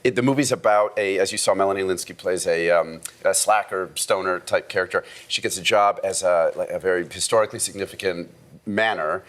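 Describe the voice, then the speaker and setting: A man in his thirties, a guest actor and director, chatting on a morning talk show in a jokey, animated way. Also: sits low, a little fast. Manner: animated, jokey, acts out quoted voices. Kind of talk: casual talk-show interview.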